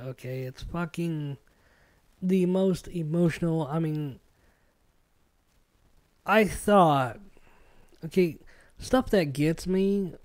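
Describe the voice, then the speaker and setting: Rambling, profane man on a podcast. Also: fairly high pitch. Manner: rambling, profane, animated storytelling. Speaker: podcast host. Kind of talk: casual chat.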